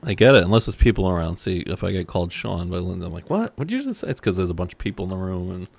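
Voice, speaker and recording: A man's voice: deep voice, little pitch movement, very fast, creaky, darkish tone. A man co-hosting a podcast in casual chat, laughing often and restarting his sentences. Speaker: podcast co-host.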